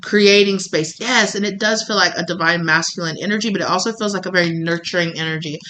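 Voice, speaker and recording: Bright-voiced rambling tarot reader. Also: medium pitch, quick pace, slight background noise. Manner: rambling, lots of "like", acts out voices of the people in the reading. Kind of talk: intuitive tarot reading to viewers.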